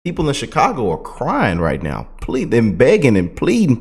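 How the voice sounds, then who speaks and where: A man giving casual, animated political commentary with a mocking, excitable delivery. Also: mid-range voice, normal speed, hardly any pauses, husky.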